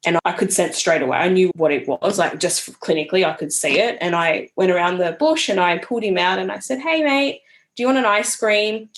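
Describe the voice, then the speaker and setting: Young woman, podcast guest; slightly low, earnest, reflective storytelling delivery. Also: a little fast, few pauses. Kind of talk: casual conversational interview.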